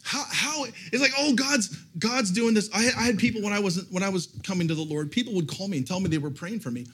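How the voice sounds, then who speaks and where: A middle-aged male pastor preaches to a church service, spinning a personal story with self-deprecating jokes and excited restarts. His voice sits high for a man and has a husky, slightly raspy edge. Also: fast. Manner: animated, self-mocking, restarts when excited. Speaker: guest pastor. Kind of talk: humorous sermon storytelling.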